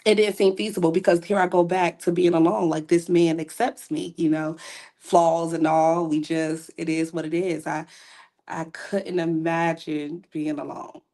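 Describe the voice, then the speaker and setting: A woman's voice: deep voice, level tone, moderate pace, dark tone. A woman guest on a podcast, sharing a candid personal faith testimony in an earnest, storytelling way with casual asides.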